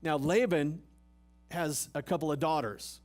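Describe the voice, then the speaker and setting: A man's voice: on the high side, unhurried. A male pastor giving a sermon at a church service, talking casually with jokes and rhetorical questions to the congregation. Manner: conversational, humorous preaching with rhetorical questions.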